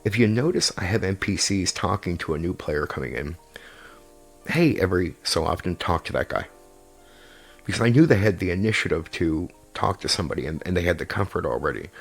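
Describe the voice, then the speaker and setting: A man's voice: low voice, husky. A man, an experienced game master, giving casual advice to tabletop players in an emphatic, repetitive way, sometimes swearing.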